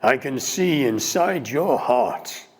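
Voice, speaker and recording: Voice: medium pitch, lively intonation, slow. A man voicing a huge, near-blind stranger with an American accent who imploringly calls out to the guide. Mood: urgent. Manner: imploring, calling out.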